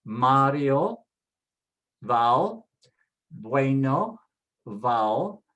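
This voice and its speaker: Slow, patient language instructor. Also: mid-range voice, fairly bright tone, rough recording. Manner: repeats each example word slowly to model pronunciation; plain step-by-step explaining. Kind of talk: spoken lesson with slides.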